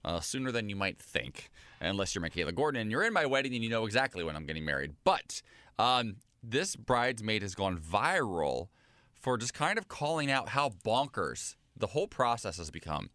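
Guy co-hosting morning radio, bright punchy voice, bouncy delivery, dry close mic. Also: fairly low pitch, moderate pace, no room sound. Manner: animated, enthusiastic storyteller. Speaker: co-host. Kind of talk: casual radio show chat.

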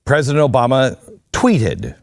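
A man's voice: mid-range voice, wildly swooping pitch, a little slow, no room sound, studio quality. A man hosting a talk radio show, delivering an impassioned, emphatic opinion monologue.

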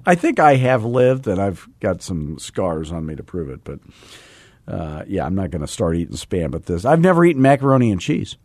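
A man hosting a casual podcast as a sales coach, talking fast and mixing in self-deprecating jokes while he teaches. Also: sits low, sing-song, a little mellow, dry recording. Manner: fast-talking, admits talking too fast. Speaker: real estate sales coach and host.

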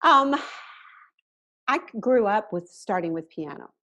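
A woman in her sixties with an Arkansas Southern accent, telling her story as a podcast guest in a relaxed, reflective way. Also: medium pitch, takes it slowly. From Arkansas, USA. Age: 60s. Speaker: guest voice teacher. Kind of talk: casual podcast interview.

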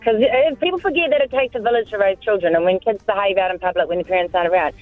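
A woman phoning into a radio show, speaking fast and firmly over a thin, tinny phone line. She states her view with emphatic certainty. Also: mid-range voice, no echo, soft background music. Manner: firm, emphatic. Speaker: caller. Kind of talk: phone-in opinion.

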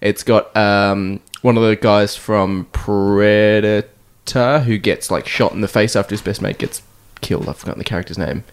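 A man co-hosting a casual podcast chat, retelling film scenes with animated energy and laughter. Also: fairly low pitch, normal speed, clean tone. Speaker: podcast co-host.

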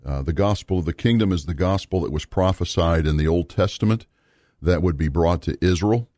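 Male Bible teacher, very deep voice, measured and earnest delivery, dry sound. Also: mellow, dry recording. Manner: earnest, measured, with fillers and emphatic repetition.

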